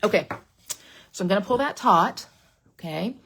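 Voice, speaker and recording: A woman's voice: medium pitch, moderate pace, a little hiss or hum. A middle-aged woman teaching a live card-making class by webcam, chatty and rambling, sometimes dropping to a whisper. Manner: chatty and rambling, drops to a whisper when excited. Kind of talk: live online crafting class. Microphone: webcam at a craft desk.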